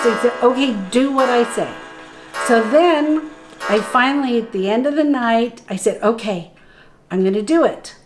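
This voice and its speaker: A middle-aged woman, a spiritual guide, telling a personal story in conversation, acting out what others said and laughing along the way. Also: a little high. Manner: animated, acts out quoted voices, laughs while telling.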